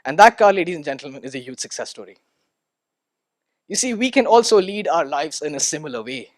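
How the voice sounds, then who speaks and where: A young man in his twenties from India, giving an animated motivational talk on stage with rhetorical questions. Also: on the high side, fairly quick. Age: 20s. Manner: animated, rhetorical, repeats words when starting. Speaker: student speaker.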